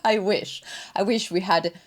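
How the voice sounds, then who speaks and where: A young woman talking in a casual, enthusiastic vlog about things she bought and was given, her pitch swinging a lot. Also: big pitch swings, slow pace, no room sound, studio quality. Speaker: fashion vlogger.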